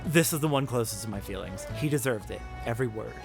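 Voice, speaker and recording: A man's voice: mid-range voice, fast talker, gravelly. A man giving casual, profane commentary while playing a story game. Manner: animated, swearing freely. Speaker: game let's play host. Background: game music.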